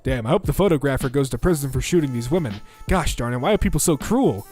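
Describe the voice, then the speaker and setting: A young man reading out internet posts for comedy, bouncing between flat deadpan and mock voices. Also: medium pitch, faint music behind. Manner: lively, quick shifts into mock voices.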